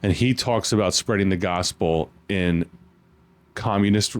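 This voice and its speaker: Earnest, fairly low-voiced man talking faith. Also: a little slow. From United States. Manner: earnest, animated storytelling with restarts. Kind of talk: casual faith chat.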